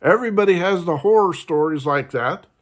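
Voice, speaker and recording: A man's voice: expressive, a little fast. A man hosting his own vlog, ranting in a frustrated, casual way about bad customer service. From United States. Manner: frustrated, ranting, mimics others in a higher voice. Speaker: host.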